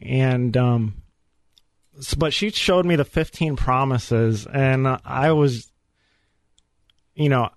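A man's voice: medium pitch, slow, pauses often, no echo. Earnest man telling his faith story. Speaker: guest. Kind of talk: personal faith testimony. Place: radio studio.

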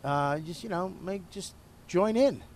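A woman's voice: fairly low pitch, expressive, a little slow, a little mellow. A man putting on the voice of his blunt, angry middle-aged mother scolding her son. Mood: advising.

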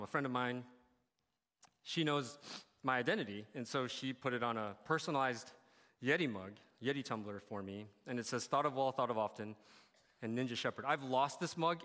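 A man's voice: medium pitch, pushed and bright. A man preaching a sermon, telling a personal story in a candid, conversational way that turns emotional. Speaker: pastor. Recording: long hall reverb.

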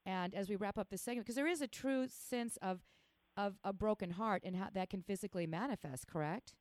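A woman's voice: mid-range voice, brisk, a little mellow, no echo. Chatty woman talk-radio host, dry studio. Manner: chatty, enthusiastic, self-teasing.

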